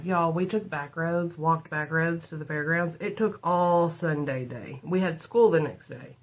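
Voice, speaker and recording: A woman's voice: on the low side, a little slow, few pauses. A middle-aged woman, telling rambling stories to her livestream viewers while doing her makeup. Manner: chatty, rambling, addresses viewers as y'all. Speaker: livestream host. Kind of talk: casual storytelling and makeup livestream.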